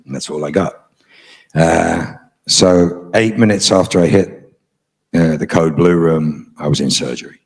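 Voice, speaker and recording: A man's voice: deep voice, unhurried, husky. A middle-aged man, a guest on a convention panel, telling a story to a live audience in a frank, profane, dryly humorous way.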